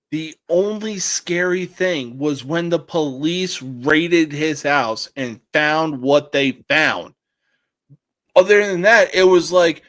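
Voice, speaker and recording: A man co-hosting a podcast in casual chat, swearing and telling animated stories. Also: on the high side. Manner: profane, animated storyteller. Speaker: podcast co-host.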